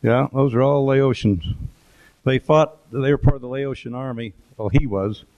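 A man's voice: mid-range voice, moderate pace, darkish tone. A middle-aged man giving an informal talk with photos, rambling through anecdotes with fillers and asides. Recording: dull lo-fi recording.

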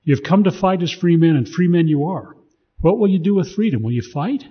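Man voicing a defiant rebel chief: declamatory, raised and husky, lo-fi sound. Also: on the high side, expressive, a little fast, pitched above the performer's own voice. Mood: rousing. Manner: rousing, declamatory. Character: defiant rebel leader rousing his men.

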